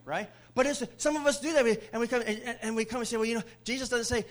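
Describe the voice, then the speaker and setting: A man preaching a sermon in church as pastor, swinging from loud declarations to hushed whispers. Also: very high-pitched, fairly even intonation, fast talker, hardly any pauses.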